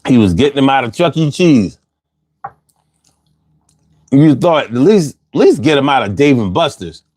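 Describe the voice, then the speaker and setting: A man's voice: mid-range voice, sing-song, moderate pace, a little mellow, no echo. A man hosting a casual livestream, reading out chat comments in a loose, slangy way and laughing often, a little bothered by allergies.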